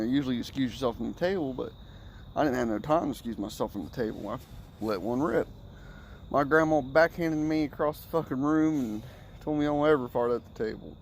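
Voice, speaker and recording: A man's voice: mid-range voice, a little hiss or hum, rough recording. A man casually telling rambling family stories, swearing freely and slipping into other people's voices as he goes. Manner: rambling, profane, animated retelling. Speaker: storyteller. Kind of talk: casual storytelling.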